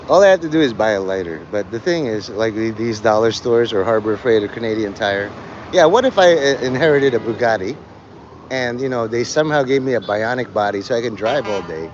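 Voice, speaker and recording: A man livestreaming outdoors on a rainy city street, rambling and joking, acting out quick voices and laughing often. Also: on the low side, dull audio, a little hiss or hum.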